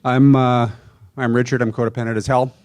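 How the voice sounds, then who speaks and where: A man's voice: mid-range voice, flat delivery, a little fast, darkish tone. Brief: man speaking plainly and wryly into a passed handheld mic at a support group. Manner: candid, wry, mimics a nagging inner voice. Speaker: workshop attendee sharing. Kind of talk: personal sharing at a recovery meeting.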